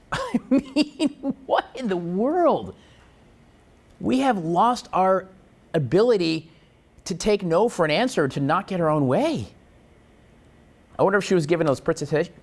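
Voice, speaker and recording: Male morning show host, slightly high and very animated delivery, punny and wisecracking. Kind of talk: jokey morning show chat.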